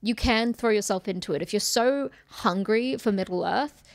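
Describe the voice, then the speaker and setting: A woman's voice: medium pitch, moderate pace, no room sound. Australian woman, dry casual podcast chat. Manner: candid, swears freely, rambling film critique. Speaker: podcast co-host.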